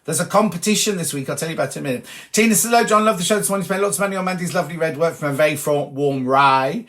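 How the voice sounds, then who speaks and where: A man's voice: fairly high pitch, very fast, a bit bright. A British man hosting a sewing livestream, reading viewers' comments aloud with cheeky, chatty asides. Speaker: host of a sewing show.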